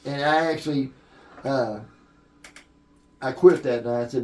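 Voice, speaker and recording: A man's voice: medium pitch, unhurried, distant mic, a little hiss or hum. An older man, a veteran sound engineer, telling long anecdotes in a podcast interview, rambling with fillers and restarts. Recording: echoey room.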